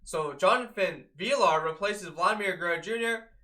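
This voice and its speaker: Excitable man with a bright voice recapping games. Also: sits high, moderate pace. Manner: excitable, chatty fan, addresses viewers as guys. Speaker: fan recapping baseball games. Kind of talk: casual game recap vlog.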